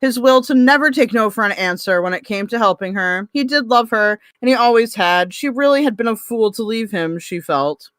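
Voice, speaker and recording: Crude, high-voiced woman podcast host. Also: expressive, normal speed, hardly any pauses, a bit bright, no echo. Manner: crude, exasperated, swears often. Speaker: podcast host reading a novel aloud. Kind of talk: casual mocking commentary.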